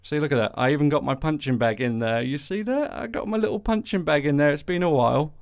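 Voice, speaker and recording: A man's voice: on the high side, fast, creaky, no room sound. A man hosting a solo podcast, ranting casually with sarcastic, sweary, rambling asides. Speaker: podcast host. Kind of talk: casual solo political rant.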